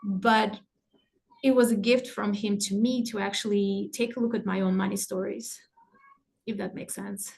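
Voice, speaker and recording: A middle-aged woman teaching a live online workshop, animated and laughing often as she acts out inner thoughts. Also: mid-range voice, normal speed, vocal fry. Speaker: masterclass teacher.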